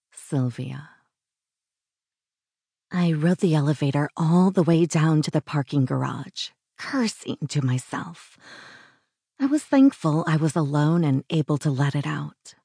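Slow gravelly low-voiced woman narrator. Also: expressive, dry recording, clean studio sound. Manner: slow, drops into hushed whispers. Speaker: audiobook narrator. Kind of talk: first-person audiobook narration.

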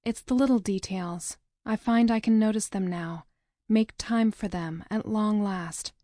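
A woman narrating a novel in the first person, with a measured, dramatic reading. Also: medium pitch, mellow, no room sound, clean studio sound. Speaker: audiobook narrator.

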